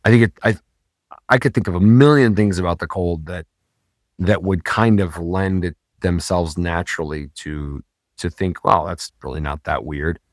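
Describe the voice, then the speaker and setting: A man's voice: low-pitched, normal speed, no room sound, studio quality. A man hosting a podcast, talking in a casual, rambling way with many fillers and self-corrections. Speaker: podcast host.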